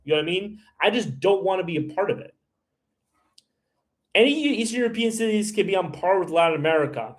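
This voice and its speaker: A man's voice: sits high, expressive, a little fast. A man hosting a livestream, answering viewer comments in a blunt, heated, ranting way. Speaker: livestream host. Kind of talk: live stream chat answering viewers.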